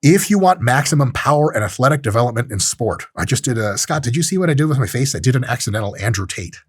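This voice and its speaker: Fast and slightly rough at a medium pitch, a strength training coach jokes and swears his way through a casual lifting-technique lecture. He's animated and often acts out small scenes, all in dry, clean studio sound.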